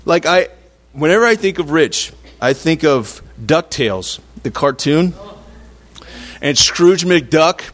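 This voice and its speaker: A man's voice: a little high, expressive, slow, fairly bright tone. A man preaching a sermon in a conversational, playful way, acting out little quotes to make his point. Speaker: pastor.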